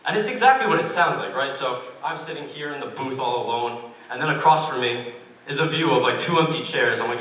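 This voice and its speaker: A young man doing a stand-up comedy set, deadpan and self-deprecating, with lots of "like" fillers. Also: mid-range voice, a little fast. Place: university comedy club stage. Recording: echoey room, mic far off.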